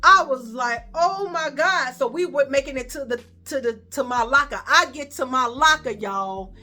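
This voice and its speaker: A woman with a Chicago accent spins a story from her own life, high-pitched and bright, with a sharp edge to her voice. She talks casually and swears freely, acting out each line of dialogue with lively energy. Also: moderate pace. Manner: animated, profane, acts out quoted dialogue.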